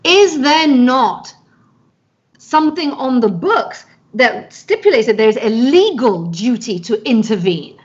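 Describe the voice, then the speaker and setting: A woman's voice: fairly high pitch, very animated, a little slow, dull audio. A woman hosting a live-stream interview, putting probing questions to her guest with occasional stumbling restarts. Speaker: host.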